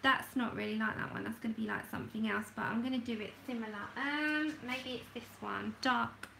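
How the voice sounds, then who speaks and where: A woman casually hosts a livestream while swatching colour pencils, talking to herself as she works and often laughing at herself. Her fairly high voice is quick, bright and forceful with vocal fry. The audio is poor, with a little hiss or hum.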